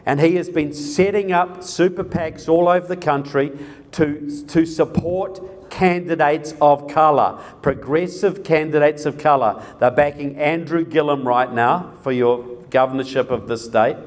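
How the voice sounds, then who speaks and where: A man's voice: on the high side, unhurried. A man giving a live presentation to an audience, speaking emphatically, repeating key words for effect and putting questions to the crowd. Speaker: political speaker.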